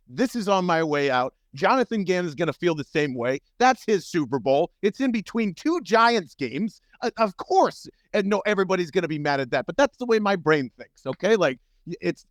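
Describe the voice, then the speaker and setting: Animated, swearing man on a podcast. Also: no echo, clean studio sound. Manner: animated, profane, jumps up and down in pitch. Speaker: podcast co-host. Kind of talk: casual sports podcast chat.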